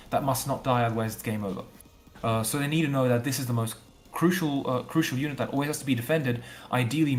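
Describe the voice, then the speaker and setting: A game developer talks through his ideas on a casual livestream. He thinks out loud in long, loose runs, stacking up repeated fillers and restarts as he goes. His voice sits at an ordinary middle pitch for a man.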